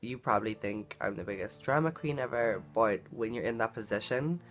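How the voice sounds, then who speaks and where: A woman's voice: extremely low pitch, fairly quick, faint music behind. A woman vlogging a personal story in a casual, earnest way, full of "like" and "um" fillers. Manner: chatty, filler-heavy, frequent "like" and "um"; earnest and emotional in retelling.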